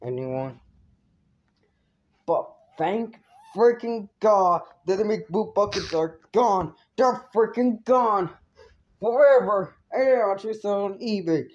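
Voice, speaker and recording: A woman's voice: medium pitch, expressive, slow pace, a little mellow, highs cut off. A woman giving an indignant review rant, swearing freely. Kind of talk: ranting review vlog.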